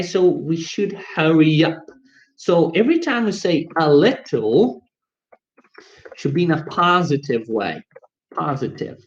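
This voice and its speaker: Male English teacher, fairly high voice, upbeat and coaxing, dull lo-fi stream audio. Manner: coaxing, upbeat, talks straight to viewers. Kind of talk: live-streamed English lesson.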